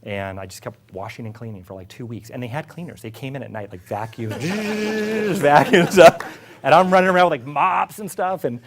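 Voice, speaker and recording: A middle-aged man, an executive, telling a casual story about his career. He is lively, laughs often and acts out what others said. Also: medium pitch, normal speed. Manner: animated, laughing, acts out quotes. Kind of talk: casual anecdote.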